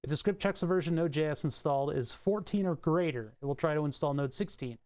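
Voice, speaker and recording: Fast-talking and a little mellow, this mid-range streamer casually fixes software on a livestream, swearing, thinking aloud, and laughing at failures and their own frustration.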